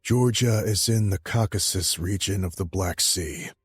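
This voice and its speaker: A man in his thirties with a low, husky voice voicing a calm, secretive young man who speaks with quiet composure. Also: a little slow, no echo. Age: 30s.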